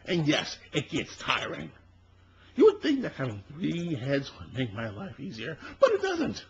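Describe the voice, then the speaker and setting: Man playing a tired three-headed alien lackey, high and bright, exasperated, huge pitch swings, lo-fi fan audio drama. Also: huge pitch swings, a little slow, creaky, husky, heavily acted. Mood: complaining. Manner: exasperated complaining, sudden loud outbursts. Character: weary three-headed male alien servant, put-upon.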